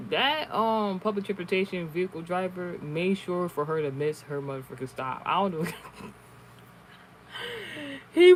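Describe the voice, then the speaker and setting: Rambling, profane man, fairly high voice. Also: a bit bright, slight background noise, low-quality recording. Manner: rambling, profane, many restarts. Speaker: online streamer. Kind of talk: casual storytelling and card reading.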